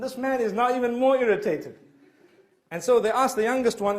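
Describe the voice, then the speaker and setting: A man preacher telling a humorous anecdote in a sermon, animated, acting out the quoted voices. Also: very high-pitched, fairly quick. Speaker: Islamic preacher.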